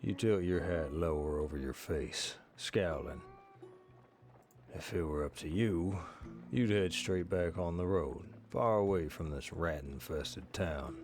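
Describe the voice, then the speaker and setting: A man giving scripted second-person narration for a game in a measured, even way. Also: low voice, music in the background.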